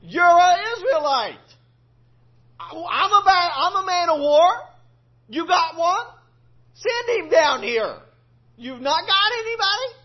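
A preacher voicing a boastful male giant warrior who hurls mocking trash talk, pitched up high. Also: sing-song, slow, pauses often, full character voice. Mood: taunting. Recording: lo-fi recording.

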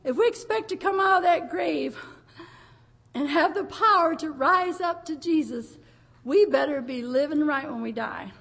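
An older woman preaching to her congregation in a very high voice. She speaks with deep emotion, her sermon often edging into tears and laughter as she tells stories. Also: expressive, moderate pace, vocal fry, fairly bright tone. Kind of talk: pentecostal sermon.

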